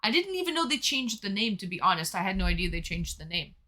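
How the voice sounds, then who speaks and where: Bright-voiced young woman chatting on stream. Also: mid-range voice, very animated, fast talker. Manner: chatty and playful, reads messages aloud. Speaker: livestream host reading chat. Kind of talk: casual live-stream chat.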